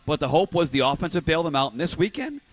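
A man's voice: on the high side, very animated, dry recording. A man hosting a live sports radio show from a restaurant, giving opinionated takes in casual banter. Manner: opinionated, rapid back-and-forth.

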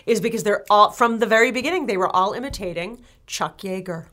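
A woman co-hosting a podcast, chatty and quick to laugh. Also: a little high, pushed and bright. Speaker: co-host. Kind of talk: casual podcast chat.

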